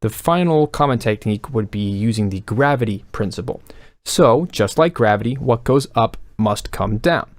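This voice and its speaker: A man explaining melody writing techniques in a calm, instructional way, counting beats aloud. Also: medium pitch, normal speed, no echo. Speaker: music composition teacher.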